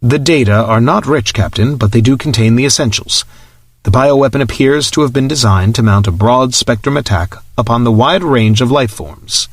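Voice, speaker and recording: A level, clipped shipboard computer, as a male narrator puts it on, formal and exact in every sentence. It speaks in measured military phrasing with a dry, close sound and no room around it. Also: medium pitch, dry recording, natural voice. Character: calm precise starship computer, male.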